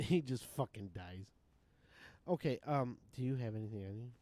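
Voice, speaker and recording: A man's voice: medium pitch, animated, normal speed, darkish tone. A man streaming a game live who chats casually, rambling and swearing as he chuckles often, into a desk mic at a home setup.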